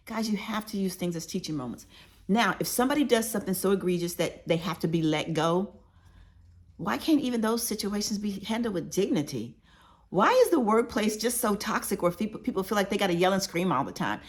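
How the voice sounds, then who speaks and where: A woman's voice: medium pitch, lively intonation, a little fast. A woman author telling workplace stories in a conversational way, talking straight to her listeners with emphasis. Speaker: author sharing workplace advice. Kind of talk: conversational storytelling audiobook.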